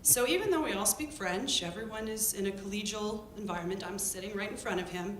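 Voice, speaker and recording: A woman telling a lively story about her field work to an audience. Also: a little fast. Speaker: public health worker telling a story. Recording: echoey room with faint rumble.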